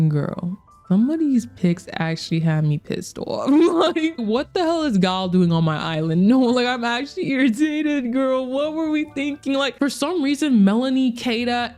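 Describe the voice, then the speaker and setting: A young woman doing a casual commentary vlog, talking in an animated, slangy, exasperated way and laughing often as she recaps a reality show. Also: on the high side, normal speed.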